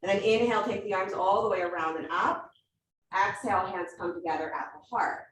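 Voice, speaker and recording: A woman teaching a live yoga class, calling out poses and breath cues in brisk steps with frequent encouragement. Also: mid-range voice, slight background noise. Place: yoga studio. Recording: echoey room, mic far off.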